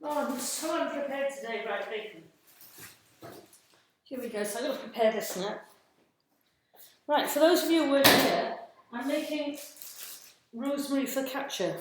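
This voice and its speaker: A woman's voice: sits high, normal speed, long pauses, heavy reverb, slight background noise. A woman hosting a casual live cooking stream from her home kitchen, chatting to viewers while she cooks. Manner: chatty, scattered, greets viewers mid-task. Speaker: cooking livestream host.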